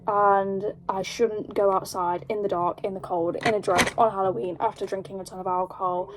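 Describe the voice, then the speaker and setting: A young woman with an English accent telling a rambling, animated story at home while doing her makeup, full of "like". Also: mid-range voice, normal speed, background noise. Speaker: vlogger. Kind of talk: casual storytime chat.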